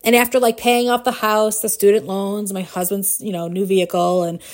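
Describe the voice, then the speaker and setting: Give me an animated woman in her forties, a podcast host telling a story casually, with plenty of laughs. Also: medium pitch, moderate pace. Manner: animated, laughs often, many fillers.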